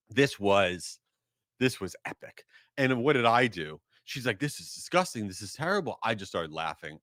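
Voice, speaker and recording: Male podcast host, casual monologue, very lively intonation, dead-dry booth sound. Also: dry recording. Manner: animated storyteller, rises high for excited bits.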